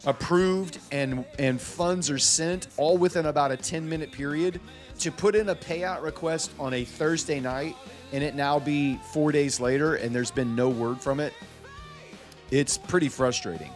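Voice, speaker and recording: A man's voice: a little high, a little slow, faint music behind. A man hosting a live trading stream, venting about a late payout and greeting viewers from chat one by one. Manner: frustrated ranting, then rattling off chat names.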